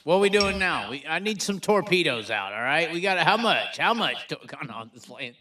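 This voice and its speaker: A man hosting a casual live stream, rowdy and crude, joking around with sudden excited outbursts. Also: on the high side, normal speed. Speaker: livestream host.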